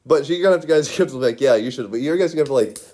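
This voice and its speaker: This man's casual monologue rambles along with frequent giggles, nonstop "like"s, and many restarts. He talks rapid-fire in a warm, slightly high voice.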